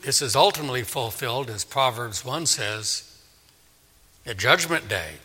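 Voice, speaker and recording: A man's voice: mid-range voice, lively intonation, normal speed, pushed and bright, a little hiss or hum. A man preaching an expository sermon, dramatically acting out the voices of God and the people. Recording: echoey hall with long reverb.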